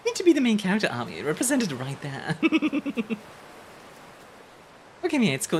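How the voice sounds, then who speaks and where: A woman's voice: medium pitch, wildly swooping pitch, a little slow, long pauses, breathy edge. A young woman streaming a game, chatting playfully with her viewers, laughing often and rambling off on asides. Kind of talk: casual live-stream game commentary.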